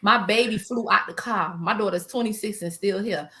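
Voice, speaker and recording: A woman in her forties shares her life story in a relaxed interview. She talks in an animated, emotional way, acting out what she said back then and laughing through the rough parts. Her pitch sits in the middle range for a woman. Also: moderate pace. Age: 40s. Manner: animated and emotional, quotes herself, laughs between hard memories. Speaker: small business owner, interview guest. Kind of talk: personal storytelling in a casual interview.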